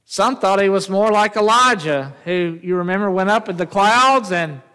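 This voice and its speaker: A man's voice: sits high, moderate pace, sharp tone, smooth. A man preaching a sermon as pastor, often asking the congregation questions and drawing them in. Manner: call-and-response, asks the congregation questions. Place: church sanctuary. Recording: echoey church hall.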